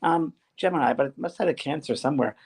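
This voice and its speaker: A man's voice: on the high side, quick pace, gravelly, darkish tone. A man co-hosting a spiritual talk show, telling stories in an earnest, rambling way. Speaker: co-host.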